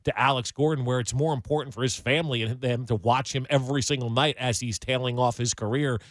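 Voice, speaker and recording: A man hosting a sports radio talk show, chatting and telling stories in an animated, talkative way into a studio microphone. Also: medium pitch, quick pace, no room sound.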